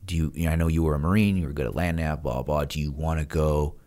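Deep-voiced man telling war stories. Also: quick pace. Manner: animated, acts out quoted voices. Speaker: guest, retired Navy SEAL. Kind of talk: casual storytelling.

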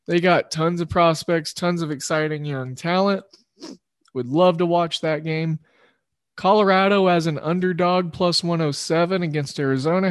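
A man with a slightly high voice runs a casual sports betting show, rambling through picks and correcting himself. The studio-quality recording has no room sound.

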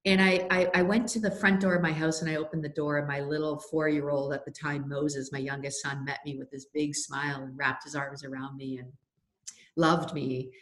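A woman's voice: deep voice, flat delivery, moderate pace, a bit bright. A middle-aged woman telling heartfelt personal stories as a podcast guest, earnest and full of fillers. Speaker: guest, faith leader and anti-trafficking advocate. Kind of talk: podcast interview, storytelling. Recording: roomy echo.

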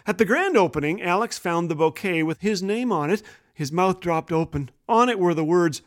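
A man's voice: high voice, lively intonation, moderate pace. A man hosting a humorous devotional radio talk, telling funny stories before an earnest point. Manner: jokey, warm storyteller turning earnest. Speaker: host.

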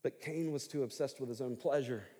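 A middle-aged man preaching as a pastor, telling the story with lively paraphrased voices. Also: medium pitch, brisk, in a large hall. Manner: animated storytelling, voicing God and Cain in paraphrase. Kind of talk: sermon.

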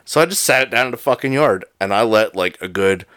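A man's voice: fairly low pitch, a little fast, smooth, dry recording, clean studio sound. A man chatting casually at home over whiskey, telling a story with lots of swearing. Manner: profane, animated storyteller. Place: home, drinking whiskey with a friend.

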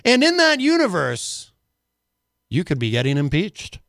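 Chatty New radio host. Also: male voice, high voice, huge pitch swings, unhurried, gravelly, a bit bright, no room sound, clean studio sound. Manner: rambling, many filler words. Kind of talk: casual talk radio.

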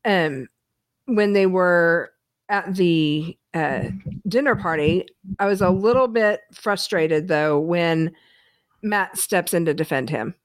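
A woman's voice: fairly low pitch, slow pace, no room sound, clean studio sound. A woman co-hosting a reality-TV recap podcast, talking bluntly with plenty of swearing and frequent laughter. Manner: blunt, profane, laughs often. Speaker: podcast co-host. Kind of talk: casual reality-TV recap chat.

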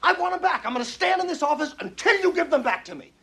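Brief: bitter middle-aged man on a breathy, swinging tantrum, childish and sarcastic. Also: on the high side, sing-song, a little fast, pushed and bright, full character voice. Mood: ranting. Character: bitter middle-aged male executive, ranting, petulant. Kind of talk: film dialogue.

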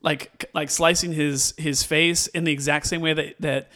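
A man's voice: a little high, flat delivery, normal speed, sharp tone. A man chatting casually about a movie, enthusiastic and rambling, full of fillers and restarts.

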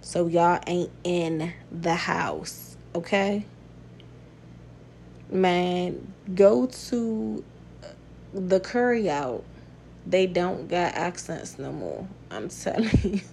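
A woman's voice: lowish voice, very slow, creaky, a little mellow, a little hiss or hum. A woman hosting a podcast in a casual monologue, talking bluntly, swearing and laughing often. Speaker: podcast host.

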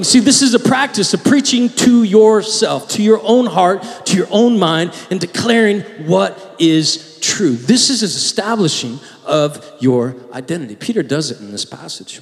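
A high-pitched male pastor preaching to his congregation, his voice ringing out with a long reverb tail. He drops to a near-whisper for intimate pleas, then rises into forceful, shouted proclamations. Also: normal speed, few pauses. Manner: swings from hushed pleading to shouted declarations. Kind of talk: sermon.

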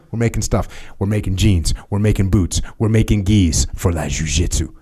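A man's voice: low voice, normal speed, warm tone, slightly rough. A man hosting a podcast, talking casually and emphatically about sponsor products, repeating phrases for emphasis and joking. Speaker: podcast host. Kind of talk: casual chat with sponsor reads.

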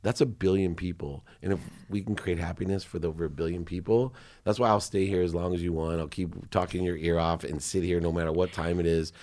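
A man's voice: sits low, steady tone, brisk, a little mellow. A middle-aged man who is a guest on a podcast, telling personal stories in an earnest, confessional way and acting out his own quotes. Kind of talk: casual interview chat.

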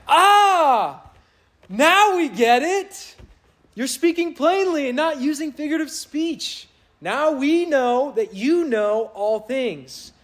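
Over slight background noise, a man with a fairly high voice preaches conversationally. Now and then he acts out quoted voices, mocking them.

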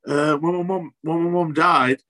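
A young man tells his story in an interview, his voice sitting a little high for a man. He talks in halting, repetitive bursts and swears constantly. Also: fairly even intonation, bright, forceful tone. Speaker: interview guest. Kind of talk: emotional personal story.

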